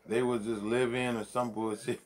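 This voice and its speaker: A man's voice: mid-range voice, level tone, normal speed. A man vlogging from his home man cave, chatting loosely and profanely and laughing often as he rambles. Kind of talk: casual rambling commentary.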